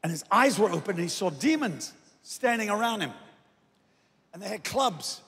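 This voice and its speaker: A man preaching in a big church hall, his high, gravelly voice ringing with long reverb. He moves between quiet, storytelling moments and forceful, shouted calls to the congregation. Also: sing-song, moderate pace. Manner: swings from soft sung phrases to loud shouted exhortation. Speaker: guest preacher. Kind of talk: sermon. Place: large church auditorium.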